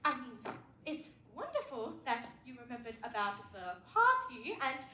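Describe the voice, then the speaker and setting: A woman's voice: sits high, huge pitch swings, sharp tone, full character voice. A young woman in a school stage play, playing a flamboyant, gushing actress who speaks in a theatrical way. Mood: flustered. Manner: theatrical, gushing, drawn-out vowels. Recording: echoey auditorium, faint hiss.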